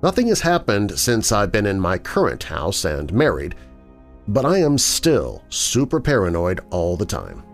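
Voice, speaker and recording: A man hosting a show and narrating listener horror stories in a measured storytelling manner. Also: fairly low pitch, huge pitch swings. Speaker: host and narrator. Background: faint music.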